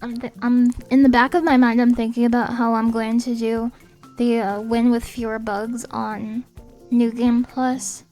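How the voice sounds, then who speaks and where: High-voiced excitable woman streamer. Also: a little slow. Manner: excitable, reads chat aloud and apologizes often. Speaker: game streamer. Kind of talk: casual live-stream chat. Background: faint game music.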